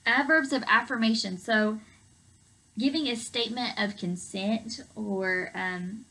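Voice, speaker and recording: Woman teacher, slightly gravelly voice, chatty explainer with lots of fillers, remote class lesson. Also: fairly high pitch, a little slow, pushed and bright, poor audio. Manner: chatty, explains with everyday examples, many fillers. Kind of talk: recorded remote English lesson.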